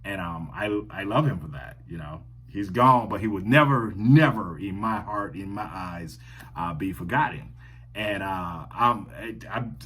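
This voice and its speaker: A man's voice: deep voice, measured pace, a bit bright, husky. A man hosting a music reaction channel, telling a personal story to camera in an earnest, reflective way and often repeating his words. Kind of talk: casual talk to camera.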